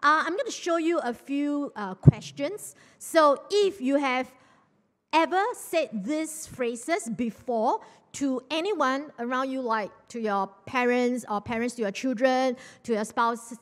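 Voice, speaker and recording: A woman pastor giving a chatty, lively sermon and asking the congregation questions. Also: sits high, slow pace. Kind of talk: lively sermon with audience interaction. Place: church hall. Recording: church hall reverb.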